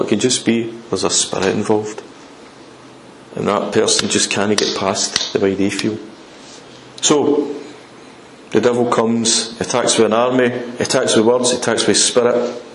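A man preaching a sermon in an emphatic way, repeating his points and swinging between loud and hushed delivery. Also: fairly low pitch, roomy sound, a little hiss or hum, low-quality recording.

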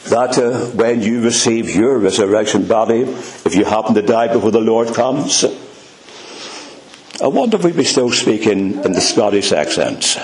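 A man's voice: on the low side, animated, moderate pace, darkish tone, roomy sound. A man with a Northern Irish accent preaching a sermon, earnest and emphatic, speaking directly to his listeners. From Northern Ireland. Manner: earnest, emphatic preaching, addressing "dear friends".

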